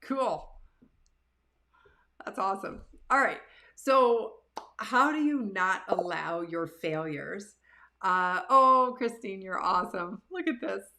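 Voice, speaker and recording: A woman, hosting a live show from her living room and telling stories about herself in a casual, animated, self-deprecating way. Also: medium pitch, slow. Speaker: livestream show host. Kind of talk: casual storytelling to live viewers.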